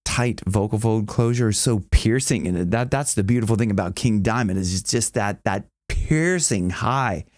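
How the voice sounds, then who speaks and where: This male vocal coach explains singing technique casually and enthusiastically, rambling, restarting often and breaking into sung demonstrations. His voice is lowish and darkish in tone, delivered at a normal speed with few pauses. The studio sound is clean, with no echo.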